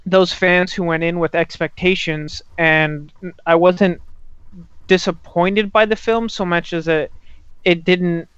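A man's voice: high-pitched, fairly even intonation, slow, fairly bright tone, smooth, dry recording, muffled recording. A man co-hosting a casual podcast chat, blunt and fond of swearing, with many fillers. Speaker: podcast co-host.

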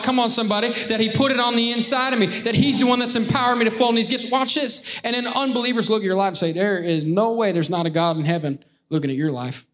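Male pastor, high-pitched, playful preacher who works the room and keeps calling for responses. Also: sharp tone. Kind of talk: lively sermon with crowd call-outs.

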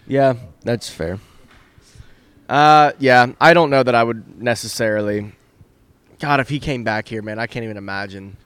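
A man's voice: medium pitch, normal speed, fairly bright tone, smooth, no room sound. A tipsy man co-hosting a casual hockey podcast, blunt and full of swearing. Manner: profane, blunt. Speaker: podcast co-host. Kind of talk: drunk casual hockey chat.

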